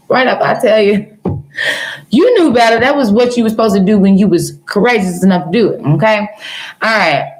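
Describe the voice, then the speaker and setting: Teasing, animated woman tarot reader. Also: mid-range voice, moderate pace, long pauses, poor audio. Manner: animated, teasing, calls viewers girl and baby; laughs often, jokes then turns earnest. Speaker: tarot reader livestreaming to viewers. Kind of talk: casual live-stream advice chat.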